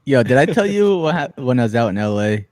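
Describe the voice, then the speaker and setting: A man co-hosting a casual chat, telling lively stories and acting out the people in them. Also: mid-range voice, fast talker, no room sound. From New Jersey. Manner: animated storyteller, acts out quotes, laughs a lot. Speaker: podcast co-host.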